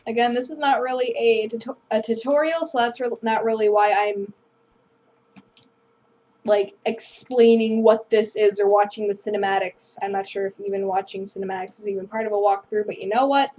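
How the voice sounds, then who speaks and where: A woman's voice: medium pitch, little pitch movement, normal speed, darkish tone. A woman hosting a gameplay video, rambling through casual commentary and apologizing self-deprecatingly. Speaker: gaming video host.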